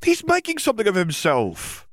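A man's voice: high voice, huge pitch swings, normal speed, no echo, studio quality, pitched above the performer's own voice. A man voicing a hotheaded, argumentative teenage boy. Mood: defensive. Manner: heated, argumentative.

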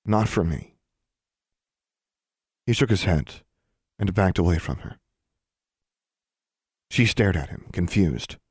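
A man narrating an audiobook in a measured storytelling manner. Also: sits low, animated, slightly rough, no room sound, studio quality. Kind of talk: scripted narration.

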